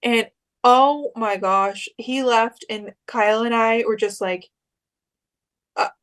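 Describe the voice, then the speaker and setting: A woman's voice: a little high, slow pace, a bit bright. A young woman co-hosting a podcast, telling a story in a chatty way and acting out the quoted lines. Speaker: podcast co-host. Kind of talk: casual chat.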